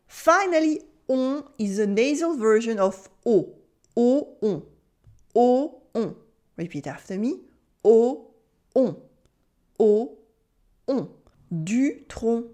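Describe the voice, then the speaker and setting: A French woman teaching pronunciation in English with a French accent, enunciating slowly and carefully and prompting the listener to repeat after her. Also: on the high side, darkish tone. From France. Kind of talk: pronunciation lesson.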